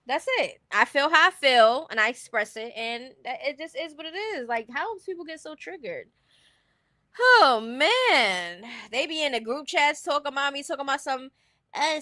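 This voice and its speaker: A woman's voice: high-pitched, big pitch swings, normal speed, pushed and bright, dry recording, clean studio sound. A woman streaming casual commentary, blunt and opinionated, often laughing as she talks.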